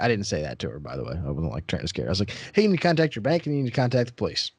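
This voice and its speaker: A man hosting a podcast as a real estate broker, telling stories in casual chat and getting animated as he acts out the people in them. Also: very fast, few pauses, slightly rough, dry recording. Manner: animated storyteller, acts out callers and rises in pitch when worked up.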